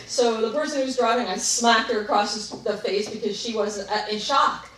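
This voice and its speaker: A woman's voice: mid-range voice, fairly quick, hardly any pauses. Woman telling a story in an echoey room. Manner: reflective, animated in parts, laughs while telling. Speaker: workshop speaker. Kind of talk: personal story in a talk to an audience. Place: large room with a live audience. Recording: echoey room, picked up from a distance.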